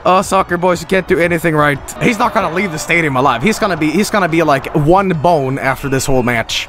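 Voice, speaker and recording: A man giving casual, sarcastic gameplay commentary as a streamer, excitable and full of swearing and laughter. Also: fairly high pitch, fast talker, over music. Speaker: game streamer.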